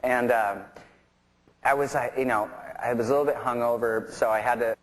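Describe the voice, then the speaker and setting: A man's voice: medium pitch, steady tone, moderate pace, poor audio. A man guesting on an onstage interview, telling stories in a casual, rambling way with many fillers and restarts and laughter running through them. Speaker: interview guest, rock musician.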